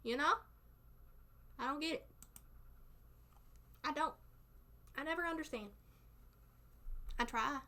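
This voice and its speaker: Slow-talking young Southern woman streamer. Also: high voice, a bit bright. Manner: chatty, laughs often, playful. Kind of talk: casual chat with live chat.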